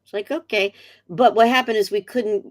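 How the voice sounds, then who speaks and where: A middle-aged woman, a guest in a casual interview, telling a story chattily with animated quotes. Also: medium pitch, normal speed. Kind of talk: casual video-call interview.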